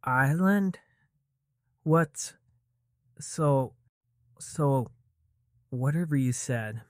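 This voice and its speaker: A man's voice: medium pitch, expressive, very slow, no room sound, studio quality, voice pushed up. A man voicing a dazed, muddled young boy who slurs and stammers in an audiobook story. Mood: confused. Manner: slurred, stammering.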